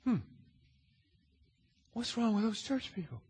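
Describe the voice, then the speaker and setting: A male pastor preaching a sermon in a dramatic way, asking the audience questions and swinging from hushed to loud. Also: very high voice, lively intonation, measured pace, husky. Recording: long hall reverb.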